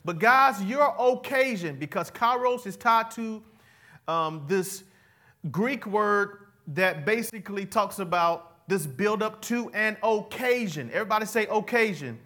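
Delivering a call-and-response sermon, a man speaks at a measured pace in a high, animated voice whose tone is bright and forceful. He keeps it casual with slang and asks the congregation to say words back to him.

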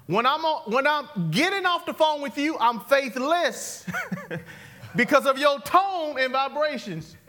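A male pastor, preaching an interactive, call-and-response sermon that swings from loud to hushed, laughing often. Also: extremely high pitch, lively intonation, a little slow.

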